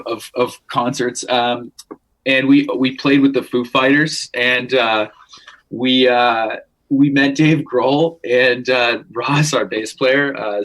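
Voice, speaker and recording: A man's voice: medium pitch, fairly even intonation, slow pace, fairly bright tone, low-quality recording. A man in his thirties from Canada, a musician guest telling stories in casual chat, rambling with many restarts and freely swearing.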